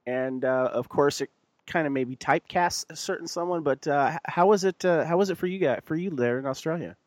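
A man's voice: a little high, fairly quick, dry recording. A man hosting a podcast from the United States, rambling and laughing easily as he chats. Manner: rambling, laughs easily, many fillers and restarts. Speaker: podcast host. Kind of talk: casual chat.

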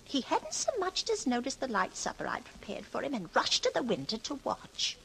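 Timid landlady, flustered, stammering, pitch swinging wildly, old radio play, faint hiss. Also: huge pitch swings, moderate pace, vocal fry, a bit bright, heavily acted, poor audio. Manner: flustered, breathless, stammering deference. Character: timid, eager-to-please landlady. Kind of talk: old-time radio drama acting.

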